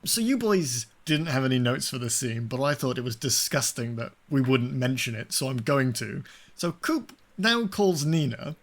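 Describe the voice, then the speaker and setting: Male podcast host, mid pitch, sarcastic casual chat. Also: big pitch swings, moderate pace, few pauses. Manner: sarcastic, swearing, laughing often.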